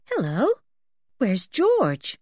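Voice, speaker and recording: A woman doing a cheerful, high young girl. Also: huge pitch swings, extremely slow, a little mellow, breathy edge, no room sound, clean studio sound, full character voice.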